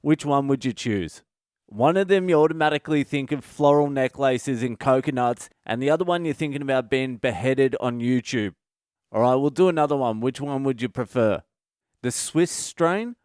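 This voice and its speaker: A man rants through a comic monologue, swearing freely in a sardonic tone. His voice is smooth and clean, recorded close and dry with no room sound. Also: medium pitch, fairly quick, darkish tone, no room sound. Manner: profane, ranting, sardonic. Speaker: comedian podcast host. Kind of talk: solo comedic monologue.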